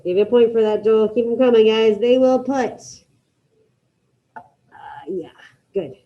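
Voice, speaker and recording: A woman with a fairly high voice runs an online class over a video call, brisk and encouraging. The sound comes through a dull, lo-fi computer mic. She keeps calling out students by name as she checks their work. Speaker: Spanish teacher.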